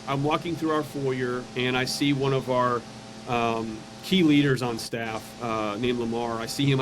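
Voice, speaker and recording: A man's voice: a little high, slight background noise. A man speaking as a podcast guest, telling a personal faith story in an earnest, conversational way and acting out the voices of people in it.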